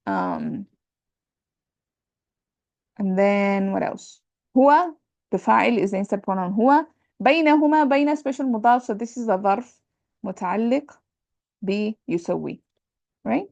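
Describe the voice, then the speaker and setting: Gravelly-voiced woman teaching Arabic grammar. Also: medium pitch, lively intonation, moderate pace, pauses often, darkish tone, no room sound, muffled recording. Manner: explains patiently, repeats terms, checks understanding with "right?"; switches between English and Arabic grammar terms. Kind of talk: lecture on Arabic sentence parsing.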